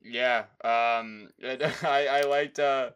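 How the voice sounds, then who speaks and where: A man hosting a podcast who speaks haltingly with many restarts as he asks questions. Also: mid-range voice, steady tone, fairly bright tone, clear, resonant tone. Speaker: podcast host. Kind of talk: casual podcast interview.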